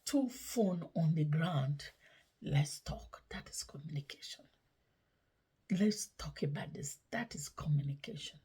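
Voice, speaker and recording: Woman host, husky tone, advice monologue with frequent hushed half-whispered stretches and slow emphatic repeats. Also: low voice, lively intonation. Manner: drops often into soft breathy half-whispers, slow emphatic repetition. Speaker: host of a relationship advice channel.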